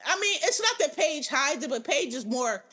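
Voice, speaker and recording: A woman hosting a podcast, giving animated, profane, opinionated commentary in casual chat. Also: high-pitched, normal speed. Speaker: podcast host.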